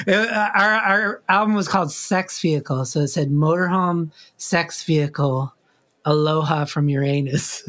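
A man's voice: high-pitched, a bit bright. Middle-aged man telling a rambling story. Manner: rambling, filler-heavy, laughs often. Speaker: musician telling a personal story. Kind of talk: casual spoken storytelling.

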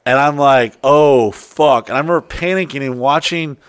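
Profane excitable man telling a story. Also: on the high side, fast talker, clean tone, dry recording. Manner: profane, excitable, acts out quotes. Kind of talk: casual storytelling chat.

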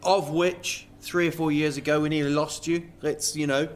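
A man's voice: on the high side, little pitch movement, normal speed, a little hiss or hum. A man hosting a casual interview, rambling and self-deprecating as he tells stories and asks questions. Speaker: podcast host.

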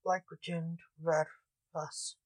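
A storyteller narrating a short tale aloud at a very slow, measured pace. The voice sits at a middle pitch. The sound is dry and close, with no room echo. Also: level tone, a little mellow.

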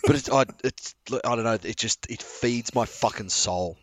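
A man co-hosting a podcast, telling stories in an animated, swearing way. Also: medium pitch, normal speed, a little hiss or hum. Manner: animated, profane storyteller. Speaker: podcast co-host. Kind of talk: casual storytelling chat.

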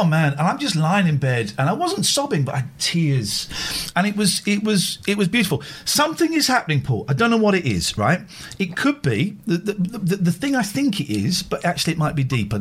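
A middle-aged man hosting a casual chat, his voice husky and his pitch swinging widely. He talks openly and emotionally, rambling as he goes. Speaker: host.

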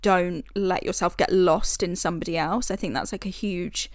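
A woman's voice: fairly low pitch, steady tone, moderate pace, dry recording, studio quality. A British woman co-hosting a podcast, talking effusively and swearing freely in casual chat. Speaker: podcast co-host.

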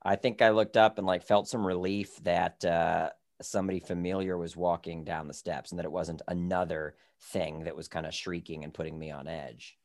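A man's voice: deep voice, fairly even intonation, normal speed, few pauses. A man in a casual chat, thinking aloud as he answers quiz questions.

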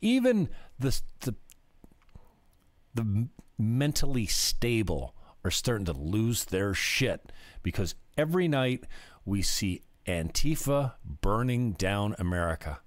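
A man's voice: on the low side, sing-song, slow pace, dry recording. A man hosting political commentary, ranting heatedly and sarcastically over clips.

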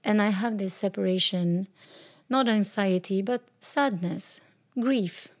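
A woman in her fifties talks slowly and thoughtfully about her own life, pausing between phrases. Her voice sits at an ordinary middle pitch, and she speaks with open, unguarded feeling. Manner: slow, reflective and openly emotional. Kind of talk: personal reflective talk.

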